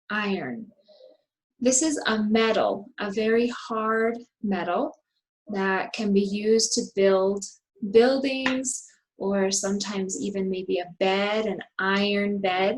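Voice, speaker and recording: Slow, clearly enunciating woman teacher. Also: medium pitch, low-quality recording. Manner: models sentences with exaggerated intonation. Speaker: English teacher.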